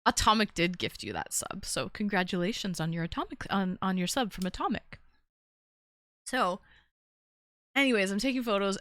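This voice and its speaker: Woman streamer, casual rambling chat, mid pitch, dry close sound. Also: a bit bright, no echo. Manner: chatty, rambling, reads chat aloud. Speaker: streamer hosting a call-in show.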